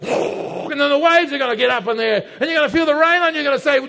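Male preacher, emphatic, loud-to-hushed delivery, gravelly texture, echoey hall. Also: extremely high pitch, fast talker, few pauses. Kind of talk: sermon. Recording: echoey hall with long reverb.

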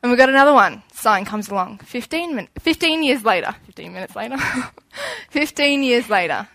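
Animated young woman preaching. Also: a little high, normal speed, no room sound. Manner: chatty and animated, acting out little scenes. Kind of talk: informal sermon.

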